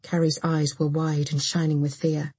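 Woman reading a thriller audiobook, breathy husky voice, super dry close mic. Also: deep voice, flat delivery, moderate pace, mellow, no echo. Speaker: audiobook narrator. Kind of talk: scripted narration.

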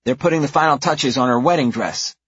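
A man voicing a bossy little girl of about six who barks orders, in a husky, high put-on voice. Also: a little fast, a bit bright, no room sound. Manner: commanding, barking orders. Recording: dull, dry lo-fi recording.

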